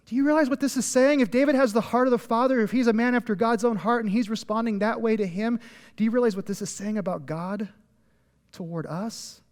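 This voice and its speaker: A man's voice: extremely high pitch, fast talker, a little mellow, big-room sound. A man preaching a sermon as a pastor, casual and emphatic, leading the audience to answer back. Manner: conversational, emphatic, frequent "like"; leads the audience in call-and-response. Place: church sanctuary.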